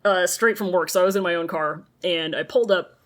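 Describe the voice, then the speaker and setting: A woman with a lowish, brisk voice co-hosts a podcast. She chats casually and animatedly, swearing and laughing often.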